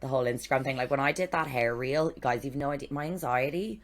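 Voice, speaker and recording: A young adult woman co-hosting a podcast, telling lively stories, swearing freely and acting out what people said. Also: a bass voice, fast. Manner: animated storytelling, swearing, acting out quotes. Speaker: podcast co-host. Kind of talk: casual chat.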